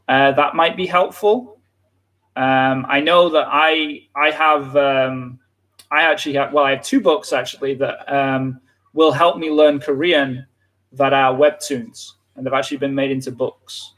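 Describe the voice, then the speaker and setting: A man's voice: a little high, steady tone, a little slow, fairly bright tone. A British man with a British accent, hosting a live English lesson and talking with many fillers and restarts. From Britain. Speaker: English teacher, livestream host.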